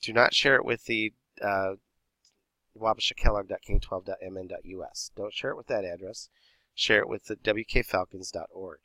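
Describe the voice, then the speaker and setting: A man's voice: lowish voice, normal speed, bright, forceful tone, no room sound, rough recording. A man teaching a theatre class, explaining script format step by step and reading examples aloud. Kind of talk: recorded class lesson.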